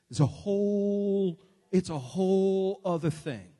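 A male preacher delivering a sermon, moving between quiet reflection and shouted exhortation. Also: high voice, animated, slow, big-room sound.

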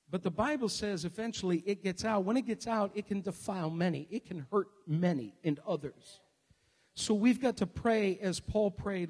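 A male preacher delivering a sermon, moving between quiet reflection and shouted exhortation. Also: high-pitched, breathy edge, big-room sound.

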